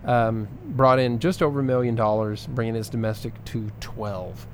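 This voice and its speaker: A man's voice: mid-range voice, moderate pace, slight background noise. A man co-hosting a casual podcast, running through figures with plenty of ums and uhs. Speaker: podcast co-host reading box office numbers. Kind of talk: casual chat.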